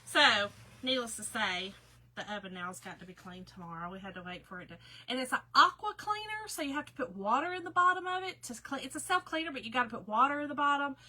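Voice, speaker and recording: A woman's voice: sits high, expressive, fast, bright, forceful tone, rough recording. A woman, chatting casually to viewers in her own folksy, talkative way while she works on a craft project. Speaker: craft livestream host.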